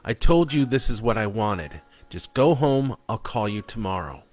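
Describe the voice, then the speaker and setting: A man's voice: lowish voice, lively intonation, normal speed, a little mellow, faint music behind, close to an everyday voice. A man reading aloud and voicing an exasperated young woman who brushes off her date, in a raised, impatient tone. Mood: dismissive.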